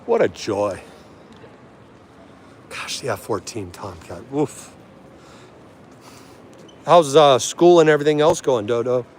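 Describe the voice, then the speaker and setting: A man's voice: medium pitch, expressive, takes it slowly, long pauses, darkish tone, a little hiss or hum. A man hosting a live stream from an aviation museum, chatting with viewers and greeting each of them by name. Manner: chatty, friendly, answers chat by name. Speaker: livestream host.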